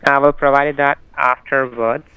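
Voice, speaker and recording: Man, scam caller, pushy and repetitive, smooth voice, dull dry phone line. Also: mid-range voice, level tone, moderate pace, no echo. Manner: insistent, repetitive, formulaic phrasing. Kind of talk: phone call.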